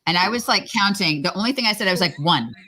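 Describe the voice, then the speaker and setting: A woman chatting on a live stream as a guest, telling rambling, animated stories from her time as a contestant. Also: medium pitch, very fast. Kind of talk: casual chat on a live stream.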